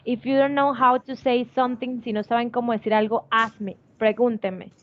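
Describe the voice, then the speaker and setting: Encouraging bilingual teacher, muffled call audio. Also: female voice, on the high side, fairly even intonation, fairly quick. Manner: encouraging, switches between English and Spanish. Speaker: English teacher. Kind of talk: bilingual online class instruction. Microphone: video call.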